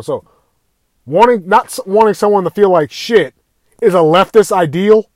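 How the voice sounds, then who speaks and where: A man's voice: high-pitched, normal speed, darkish tone, no room sound. A man delivering an angry, profane rant to camera, swearing constantly and raising his voice at times. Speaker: video ranter.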